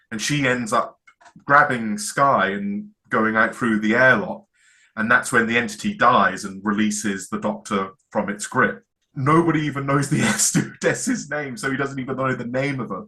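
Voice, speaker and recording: A man's voice: medium pitch, bright, forceful tone. A man co-hosting a casual chat, enthusiastically retelling scenes and acting out the lines. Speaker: podcast co-host.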